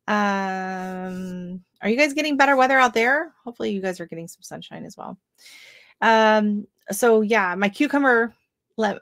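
A woman's voice: mid-range voice, a bit bright, no echo, studio quality. Chatty woman hosting a gardening livestream. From Oregon, US West Coast. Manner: chatty, lots of ums and restarts, exclaims often. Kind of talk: casual live-stream chat reading viewer comments.

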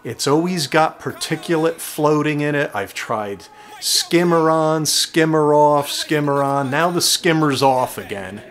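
A man's voice: fairly high pitch, expressive, measured pace, fairly bright tone, soft background music. A man from New Jersey hosting a reef tank hobby video, chatting casually to his viewers and answering their questions from his indoor tank studio. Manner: chatty, talks straight to viewers as "guys".

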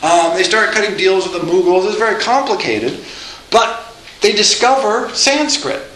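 A man lecturing a college class live, lively and joking, with asides and frequent restarts. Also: high-pitched, moderate pace, a little hiss or hum. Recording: echoey lecture room.

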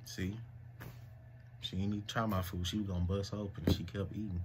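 A young man co-hosting a casual storytime, relaxed and playfully teasing his partner. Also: sits low, fairly quick, background noise. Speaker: co-host telling a couple's story.

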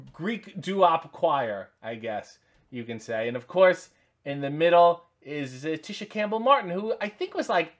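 A man's voice: fairly high pitch, fairly bright tone. A man in his forties hosting a casual unboxing video, rambling with wry jokes and many asides. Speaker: channel host.

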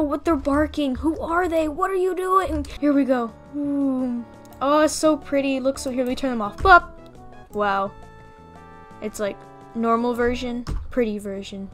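Excitable young woman playing a game. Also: high voice. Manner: excitable, playful, gasps and mock panic. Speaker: gaming video creator. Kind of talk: casual game commentary.

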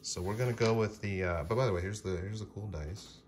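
A man with a lowish voice rambles casually as he opens a box of cards, often stopping to correct himself or fill a pause. The recording is noisy, with crinkling wrappers and clicks behind him. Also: darkish tone. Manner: rambling, self-correcting, filler-heavy. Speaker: card-opening vlogger. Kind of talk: casual unboxing vlog. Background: crinkling packaging and clicks.

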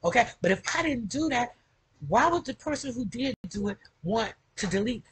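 A woman's voice: fairly high pitch, lively intonation, moderate pace, breathy edge, poor audio. A middle-aged woman chatting casually to her camera at home, rambling and tagging nearly every phrase with "okay?". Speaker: vlogger.

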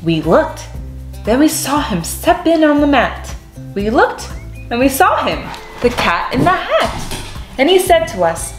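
A woman reading a children's picture book aloud, with expressive, animated delivery. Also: high-pitched, a little slow. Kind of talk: read-aloud storytelling. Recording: echoey room, soft music behind.

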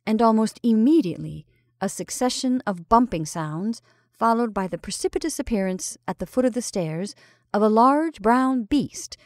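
A woman reading a classic short story aloud in a measured, expressive storytelling style. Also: mid-range voice, dry recording, studio quality. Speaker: story reader. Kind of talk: scripted storytelling narration.

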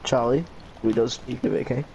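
A man's voice: mid-range voice, steady tone, brisk, gravelly, a little mellow, slight background noise, low-quality recording. A young man, teasing and plotting with friends during a game. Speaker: gamer. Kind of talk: casual gaming banter.

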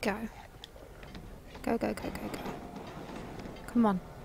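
A woman's voice: medium pitch, level tone, slow, vocal fry, background noise. A young woman commentating a horror game as she plays, frantically urging her character on, swearing, and muttering to herself. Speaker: gaming video host.

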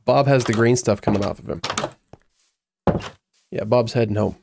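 Gravelly man rambling over gameplay. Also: lowish voice, moderate pace, pauses often, darkish tone, a little hiss or hum. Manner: rambling, self-talking, playful. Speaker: gaming YouTuber. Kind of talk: casual Let's Play commentary.

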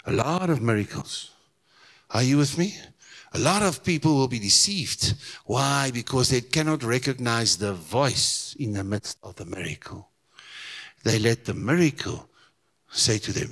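A man's voice: mid-range voice, normal speed. Man preaching animatedly. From South Africa. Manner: animated preaching, acts out voices, asks the congregation questions. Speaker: pastor. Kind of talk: sermon. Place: church hall.

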